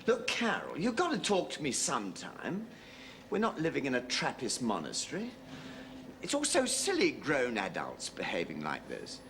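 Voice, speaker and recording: A man's voice: normal speed, slight background noise. An actor playing a charming, wheedling, womanizing middle-aged husband in a sitcom. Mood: coaxing. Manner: charming, wheedling, with lively pitch swings. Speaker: philandering husband. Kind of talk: studio sitcom acting.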